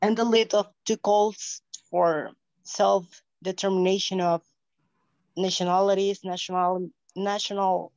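A woman student reading a text aloud in class, halting and stumbling over words. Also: mid-range voice, level tone, a little mellow, dry recording, dull audio.

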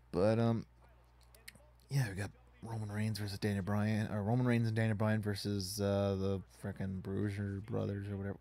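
A man's voice: lowish voice, little pitch movement, normal speed, a little mellow. A man casually commenting on a wrestling video game as he plays, rambling and swearing in frustration at it. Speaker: gaming YouTuber.

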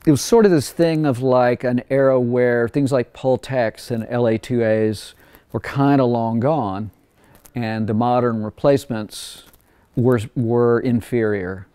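A record producer talking casually in an interview, rambling through anecdotes and acting out past conversations in a raised voice. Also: male voice, medium pitch, fairly even intonation, measured pace, dark tone, smooth, no echo.

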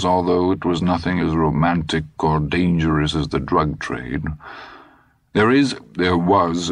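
Older man, cynical fugitive in an audiobook, low and unhurried, dry sneer, done by a male reader. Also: dry recording. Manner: dry, sardonic, measured.

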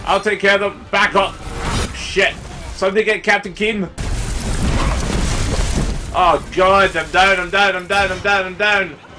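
Excitable, sweary Scottish gamer. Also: male voice, high voice, unhurried, pauses often. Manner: excitable, sweary, bursts into yelling. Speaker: gaming YouTuber. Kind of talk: live gameplay commentary. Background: game music.

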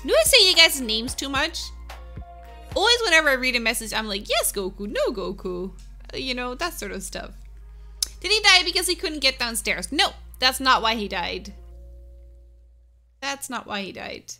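Woman streamer, animated, sharp bright tone; upbeat, answers viewers by name. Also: sits high, moderate pace, long pauses, soft background music. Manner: upbeat, laughs often, answers chat by name. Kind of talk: casual chat with live viewers.

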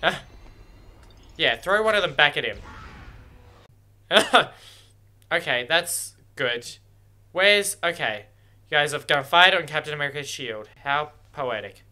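Excitable man with a bright, forceful voice. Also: a little high, unhurried, pauses often. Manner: excitable, talks at the screen, swears freely. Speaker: reaction video host. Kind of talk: casual first-watch reaction commentary.

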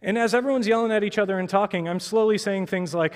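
A man's voice: high-pitched, quick pace, few pauses. A male pastor preaching a sermon in a casual, conversational way, acting out the quoted voices. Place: church sanctuary. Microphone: clip-on mic. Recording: long church hall reverb.

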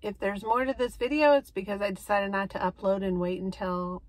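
A woman's voice: medium pitch, fairly even intonation, fairly quick. A middle-aged woman talking casually for her diet vlog from her parked car, chatty, with fillers and self-corrections. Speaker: vlogger.

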